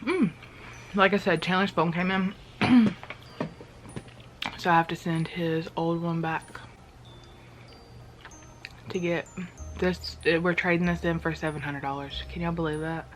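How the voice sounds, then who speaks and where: A young woman with a drawl talks to the camera in a loose, rambling way, with lots of fillers. Her voice sits fairly low for a woman. Clear music plays underneath her. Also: steady tone, measured pace, pauses often. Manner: chatty and rambling, many fillers. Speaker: vlogger. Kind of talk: casual chat to camera.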